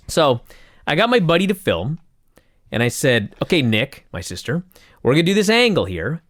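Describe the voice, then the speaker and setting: A man co-hosting a casual wrestling podcast, talking with sarcastic, animated energy. His voice sits a bit high and swings widely in pitch. The sound is dry and close. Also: normal speed, no room sound. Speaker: podcast co-host. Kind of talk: casual wrestling recap chat.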